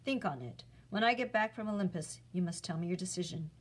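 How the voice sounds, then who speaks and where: A weary, wise old centaur teacher, as a woman reader puts him on. He speaks in a calm, measured, gently firm way, an old mentor in a storybook read-aloud. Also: lowish voice, close to an everyday voice.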